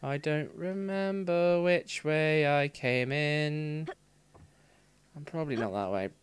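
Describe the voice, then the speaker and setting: Male streamer, slow-talking, smooth voice, curses and grumbles at the game. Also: on the high side. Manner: frustrated, swears a lot, exasperated outbursts. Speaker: let's play streamer. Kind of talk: live gameplay commentary.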